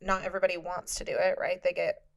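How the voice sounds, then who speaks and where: A woman's voice: fairly low pitch, level tone, quick pace. A young woman co-hosting a podcast, chatting casually and laughing easily. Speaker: podcast co-host. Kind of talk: casual chat.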